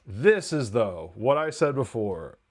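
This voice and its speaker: A man's voice: mid-range voice, big pitch swings, takes it slowly. A man hosting a TV review podcast, recapping an episode in a chatty, rambling way, correcting himself and laughing often. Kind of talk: casual spoken episode recap.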